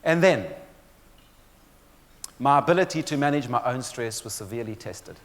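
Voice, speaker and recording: A male motivational speaker delivers a keynote on stress, telling stories with dry humor and addressing the audience directly. His medium-pitched voice is expressive and fairly bright at normal speed, with long hall reverb on the recording.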